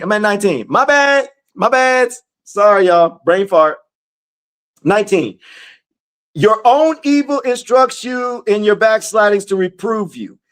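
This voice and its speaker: A man leading a casual Bible study. He reads verses aloud and talks straight to his audience. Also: high voice. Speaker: scripture study teacher.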